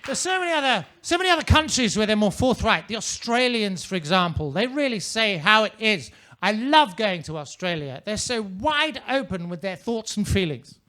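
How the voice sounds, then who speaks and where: A man's voice: high-pitched, sing-song, normal speed, few pauses, sharp tone. A man performing a stand-up comedy set on a comedy club stage, in a pompous manner with ornate wording.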